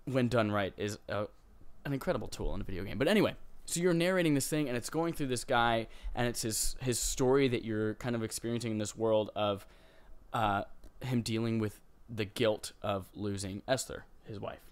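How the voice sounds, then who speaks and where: A man's voice: on the low side, normal speed, smooth. Joking, enthusiastic young man on a podcast. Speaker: podcast co-host. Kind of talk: casual gaming podcast chat.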